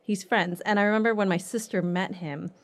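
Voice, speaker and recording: A woman's voice: medium pitch, fairly even intonation, fairly quick. Playful woman hosting a casual chat. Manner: friendly, playful interviewer. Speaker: podcast host.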